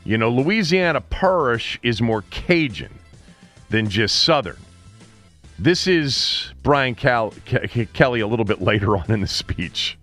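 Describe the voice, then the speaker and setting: A man hosting a sports talk show, chatting casually with quick laughing asides. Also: medium pitch, lively intonation, fairly bright tone, soft background music. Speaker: radio host.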